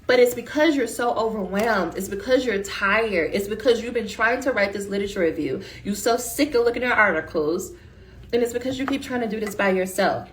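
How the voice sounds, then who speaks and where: A woman's voice: medium pitch, a bit bright. Slangy, emphatic woman dissertation coach. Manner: colloquial, emphatic, addresses listeners as y'all. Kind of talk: casual motivational pitch.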